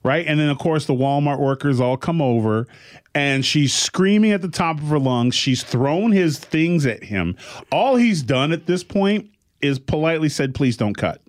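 A man's voice: a little high, normal speed. A man in casual podcast chat, telling stories animatedly and acting out the people in them. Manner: animated storyteller, acts out quotes.

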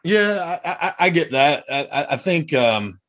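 A man's voice: a little high, sing-song, unhurried, a bit bright. Hesitant man on a podcast. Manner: hesitant, stammers on repeated "I". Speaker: podcast panelist. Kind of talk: casual podcast chat.

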